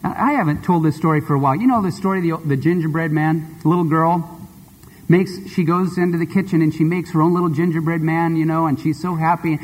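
A male preacher delivers a sermon in an expressive, conversational way. His voice sits fairly high and sounds husky, with a long reverb from a large church hall. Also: fairly quick. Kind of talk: sermon with storytelling.

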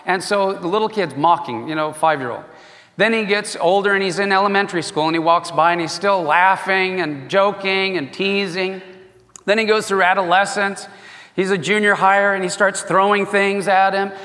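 Guy pastor preaching, animated storyteller, higher voice, echoey hall. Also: moderate pace. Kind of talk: sermon.

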